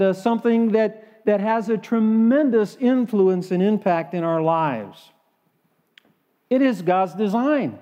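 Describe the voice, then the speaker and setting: A man's voice: high-pitched, darkish tone, in a large hall. A man preaching a sermon in a church, folksy and full of hesitant fillers. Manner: folksy, with frequent fillers and restarts. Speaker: guest preacher.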